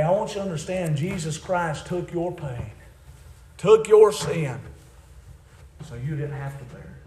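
A male preacher delivers a sermon, swinging from shouted high-pitched exhortation to hushed, tender pleading. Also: echoey room, slight background noise.

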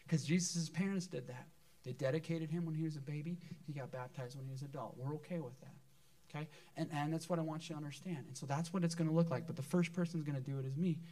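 His voice sits on the high side and is a little mellow as this pastor preaches to his church. The sermon, given in the sanctuary, is earnest, with words often repeated to stress his points.

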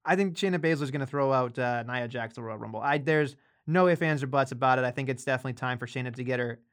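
A man's voice: medium pitch, quick pace. A man co-hosting a casual wrestling podcast, rambling along with fillers and restarts. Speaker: podcast co-host.

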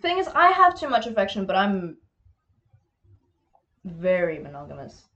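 A woman's voice: medium pitch, huge pitch swings, moderate pace, fairly bright tone, highs cut off. A young woman co-hosting a casual podcast, rambling with lots of fillers and giggling often. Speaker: podcast co-host. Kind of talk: casual chat.

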